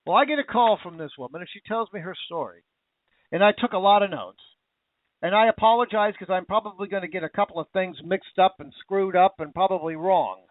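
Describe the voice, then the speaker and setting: A talk radio host with a high voice speaks fairly quickly in a heated, emotional rant, saying the same things over as his anger mounts. The phone-like, tinny recording has no room sound.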